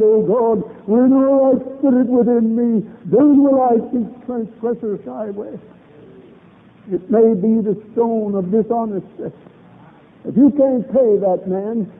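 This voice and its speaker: Emphatic preacher man, high voice, repeats himself for punch, phone-thin old tape. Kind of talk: revival sermon. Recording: tinny old lo-fi recording.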